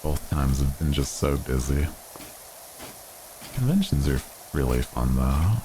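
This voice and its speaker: A man's voice: very deep voice, expressive, measured pace, background noise. A young man streaming a game, chatting casually and rambling with fillers and restarts. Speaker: VTuber streamer. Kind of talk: casual gaming stream chat.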